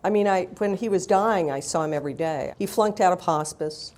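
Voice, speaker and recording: A woman's voice: lowish voice, a little fast, darkish tone. A woman author telling candid, wry stories in a live interview, blunt and self-mocking.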